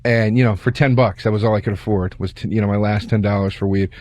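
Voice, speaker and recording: A man's voice: lowish voice, steady tone, fast, a little mellow, dry recording. A man co-hosting a comedic podcast, telling stories in a laid-back way and laughing through his lines. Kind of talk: casual comedic storytelling.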